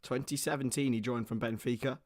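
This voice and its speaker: A young man hosts a football watchalong stream, calling the plays live with excitable energy and greeting viewers between them. His medium-pitched voice moves a little fast, is starting to go hoarse, and has no echo.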